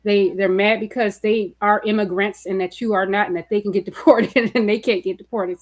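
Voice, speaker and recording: Woman with a steady, explaining manner. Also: medium pitch. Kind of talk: casual panel chat.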